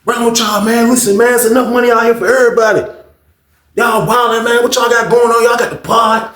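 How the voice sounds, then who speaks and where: A man voicing a homie who pleads with two men to calm down, in an echoey room. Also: very high-pitched, a little fast, voice pushed up. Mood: pleading. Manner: pleading, calming, drawn out.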